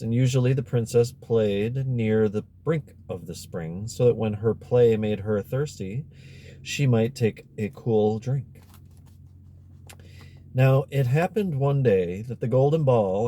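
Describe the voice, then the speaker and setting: A man reading a novel aloud as an audiobook narrator, measured and expressive. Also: mid-range voice, slight background noise. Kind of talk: scripted narration.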